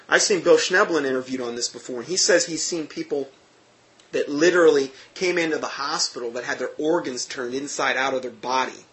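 Male storyteller, slightly high voice, emphatic personal testimony, restarts mid-sentence. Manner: animated, emphatic, with frequent restarts.

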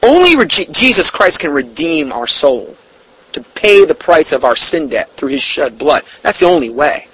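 A man teaching a Bible study, reading quotes slowly and emphatically, with indignant, sarcastic asides. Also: on the high side, very animated, a bit bright, breathy edge, no room sound, low-quality recording. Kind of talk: recorded Bible study lesson.

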